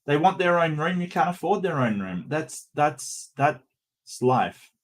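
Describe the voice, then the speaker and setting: A man's voice: fairly high pitch, big pitch swings, unhurried. Stammering Australian man chatting with viewers. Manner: chatty, stammering restarts, joking with chat. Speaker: streamer host. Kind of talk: casual livestream chat.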